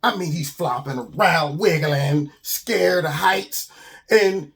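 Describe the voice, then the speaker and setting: A man hosting his own channel, telling a children's story in a casual, slangy, animated way. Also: a little high, slow pace, gravelly.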